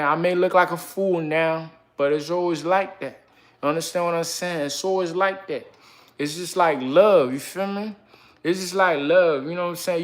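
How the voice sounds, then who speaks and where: Slangy young man livestreaming. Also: sits high. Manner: slangy, repeats "you know what I'm saying". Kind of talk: casual live-stream talk.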